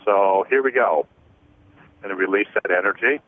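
A man hosting a call-in radio show, slowly counting through energy clearings and explaining them with many fillers. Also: sits low, no echo. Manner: slow, deliberate counting with frequent fillers. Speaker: host, energy healer. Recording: tinny phone-line radio sound.

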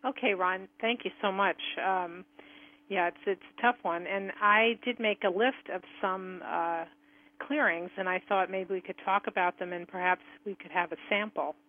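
A woman's voice: mid-range voice, normal speed. Woman host on a tinny phone line. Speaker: radio show host. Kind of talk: hosting a phone-in talk show.

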